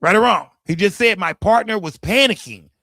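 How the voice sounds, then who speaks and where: Male streamer, slightly high voice, dry close mic, swearing, riffing on clips. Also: normal speed, dry recording. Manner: profane, animated, rhetorical questions. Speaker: livestream commentator. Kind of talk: casual livestream commentary.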